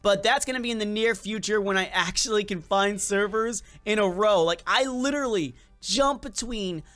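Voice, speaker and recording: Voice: medium pitch, normal speed, a bit bright. A gaming video creator with a slight accent and a lingering cold, giving playful, chatty gameplay commentary straight to viewers.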